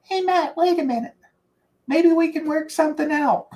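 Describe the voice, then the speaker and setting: A man putting on a gruff older male football coach with a New York accent, screeching and blunt. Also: extremely high pitch, moderate pace, darkish tone, voice pushed up. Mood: relenting. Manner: scolding and blunt.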